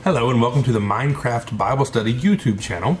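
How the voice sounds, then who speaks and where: A man who is a youth minister, reflecting candidly in a casual vlog. He rambles and restarts his thoughts. His voice sits at a middle pitch. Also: lively intonation, fast talker, soft background music.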